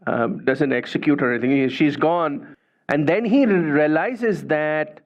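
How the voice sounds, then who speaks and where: A man gives a spiritual talk in a conversational storytelling manner. His voice sits a little high for a man. He leans on "you know" and "right", and the recording sounds dull and lo-fi. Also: a little mellow. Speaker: spiritual speaker.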